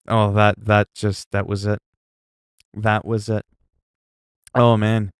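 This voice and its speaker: Low-voiced man laughing through a story. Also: level tone, clean tone, dry recording. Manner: laughing, storytelling, halting restarts. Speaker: livestreamer. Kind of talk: casual chat with viewers.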